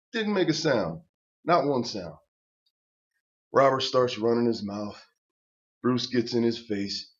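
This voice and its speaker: An older man spins a rough personal tale in a blunt, profane rant, tripping over himself in stammered restarts. His voice sits in a middling pitch. The recording is dull and lo-fi. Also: lively intonation, slow, pauses often. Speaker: vlogger telling a personal story. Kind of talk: casual profane storytelling rant.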